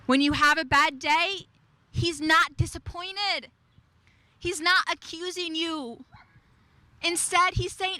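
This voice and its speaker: A woman preaching in a high, bright voice, leaning hard on her words and repeating key lines. She takes her time and lets each declaration sit. The sound is dry and close, with little room around it. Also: steady tone, dry recording. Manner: emphatic, repeats key phrases, slows on declarations. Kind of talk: devotional sermon.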